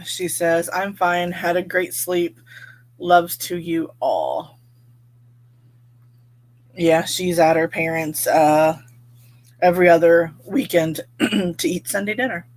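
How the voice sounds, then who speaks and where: A woman hosting a relaxed livestream, chatting with viewers, laughing often and reading their comments aloud. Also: lowish voice, takes it slowly, long pauses. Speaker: livestream host reading chat. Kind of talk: casual live chat.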